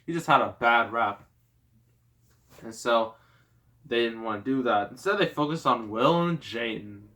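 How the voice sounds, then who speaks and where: Slow, bright-voiced man reviewing a movie. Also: mid-range voice. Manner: rambling, sarcastic, with many fillers and laughs.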